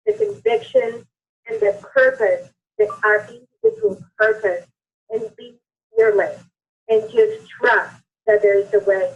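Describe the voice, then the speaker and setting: A woman guest on a conference call giving earnest, encouraging remarks with some halting restarts. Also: a little high. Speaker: guest distributor. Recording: tinny phone line.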